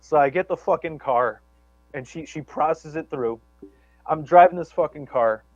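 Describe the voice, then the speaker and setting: A man's voice: on the high side, moderate pace, no echo, muffled recording. A man telling a long story on a live talk show, rambling and profane, with many restarts and stammers. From Chicago area. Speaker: guest storyteller.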